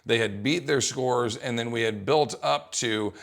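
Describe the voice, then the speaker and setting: A young adult man coaching fitness, explaining an exercise test in a casual, lively way. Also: medium pitch, unhurried, vocal fry. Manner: casual, animated, acts out coaching calls. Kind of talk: instructional talk.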